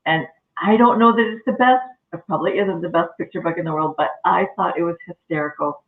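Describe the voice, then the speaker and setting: A woman's voice: lowish voice, brisk. A middle-aged woman librarian hosting a casual chat, asking her guests questions in a chatty way. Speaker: librarian host. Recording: tinny phone-like audio in an echoey room.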